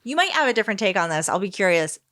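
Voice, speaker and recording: A woman's voice: mid-range voice, sing-song, racing, a bit bright. A woman co-hosting an advice podcast, chiming in casually with wry opinions.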